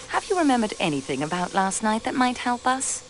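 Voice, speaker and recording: Voicing an adventure game's investigator, a young female railway clerk, the actor probes suspects courteously yet sharply, using French pleasantries. She speaks briskly in a mid-pitched, highly melodic voice, with a faint hiss and poor audio.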